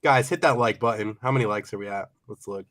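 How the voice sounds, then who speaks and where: A man's voice: fairly low pitch, fast talker, a bit bright. A man hosting a casual live stream, stuffy and nasal from a cold, joking and hyping viewers. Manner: playful, hyped, laughs often.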